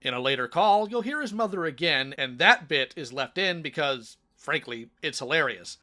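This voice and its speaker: A man's voice: a little high, lively intonation, normal speed, sharp tone. A man narrating commentary between call recordings in a dry, matter-of-fact way. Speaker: channel host narrating.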